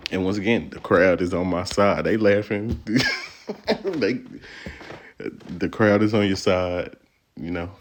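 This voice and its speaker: A man's voice: sits low, takes it slowly, pauses often. A male stand-up comedian from Texas giving casual, playful, slangy commentary on his own set and laughing often. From Texas, USA.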